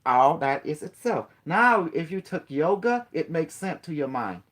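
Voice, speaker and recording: A man's voice: on the high side, big pitch swings, a little slow, fairly bright tone. A man giving a casual spiritual talk. He rambles, repeats himself and keeps asking his listener questions. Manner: rambling, repetitive, breaks into playful chanting.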